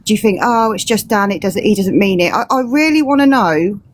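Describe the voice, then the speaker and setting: A woman's voice: mid-range voice, brisk. A woman calling into a live stream, earnest and indignant as she asks questions. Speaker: caller.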